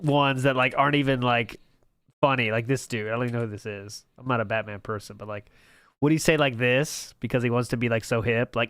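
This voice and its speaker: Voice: medium pitch, brisk, fairly bright tone, no echo, studio quality. A podcast host in casual chat, playful and crude, often trailing off with fillers. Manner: playful, swears a lot, trails off with "like".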